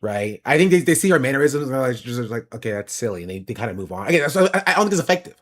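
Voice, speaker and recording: A man's voice: medium pitch, very animated, very fast. A man streamer giving opinionated, explanatory political commentary.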